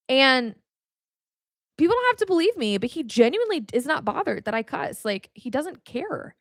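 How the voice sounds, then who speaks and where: Young woman podcast host, frank and animated faith talk, a bit high, very dry sound. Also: moderate pace, no room sound. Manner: blunt, cusses freely, animated rants. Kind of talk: casual faith teaching.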